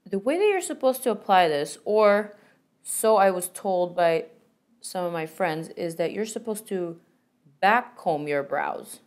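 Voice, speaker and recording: A woman's voice: fairly low pitch, expressive, unhurried. A young woman beauty vlogger chatting enthusiastically through a makeup tutorial and product review, with playful asides.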